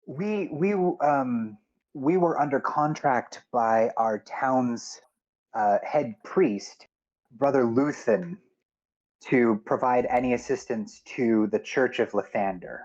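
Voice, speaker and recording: A man's voice: medium pitch, slow, darkish tone, dull audio. A man voicing a stern woman captain of the town guard who barks orders.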